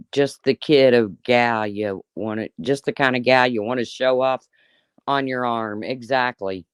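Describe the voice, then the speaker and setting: A woman's voice: very deep voice, unhurried, smooth, dry recording, clean studio sound. A woman in her fifties giving an angry, profane, sarcastic rant on a live stream. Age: 50s. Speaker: YouTuber.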